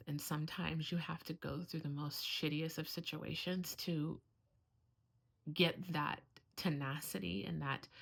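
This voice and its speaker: Middle-aged mom vlogging, heartfelt and earnest, kinda gravelly low voice. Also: female voice. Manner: heartfelt, earnest, fighting back tears. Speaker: homeschooling mother. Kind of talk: emotional casual vlog.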